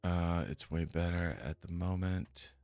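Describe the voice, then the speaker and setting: Guy with a real low voice streaming, mutters and swears, bit of music under it. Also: fairly even intonation, unhurried, no echo. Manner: muttering, swears when frustrated. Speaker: streamer trading options. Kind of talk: casual live-stream chat. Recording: faint music behind. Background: faint music.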